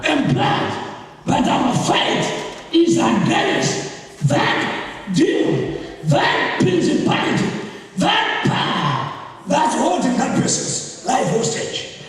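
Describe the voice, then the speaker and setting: A man preaching a sermon to a church congregation, drawing call-and-response from the crowd and breaking into shouts. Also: extremely high pitch, huge pitch swings, takes it slowly. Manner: bursts into shouting. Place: church hall. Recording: echoey hall, far from the mic.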